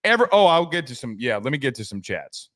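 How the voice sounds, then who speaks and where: A man's voice: mid-range voice, very animated, a little fast, a bit bright. A man hosting a sports podcast, chatting loosely and reading viewer comments, with frequent restarts and casual swearing.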